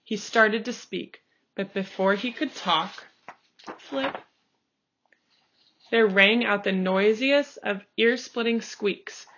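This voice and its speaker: A woman reading a picture book aloud, slow and expressive, calling out the page turns. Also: mid-range voice, a little hiss or hum. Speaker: storybook reader. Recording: dull lo-fi recording.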